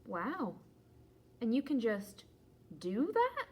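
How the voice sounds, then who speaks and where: A woman's voice: on the high side, wildly swooping pitch, slow pace, a little hiss or hum, pitched below the performer's own voice, full character voice. A woman voicing an anxious, cautious male elephant in a children's storybook read-aloud. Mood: puzzled. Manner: worried, fretful, rises to loud alarm.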